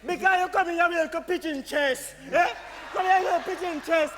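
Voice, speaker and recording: An actor playing a jealous, blustering middle-aged Jamaican father in a stage comedy, stammering and shouting insults. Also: extremely high pitch, steady tone, moderate pace, a loud crowd, heavy background noise. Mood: ranting.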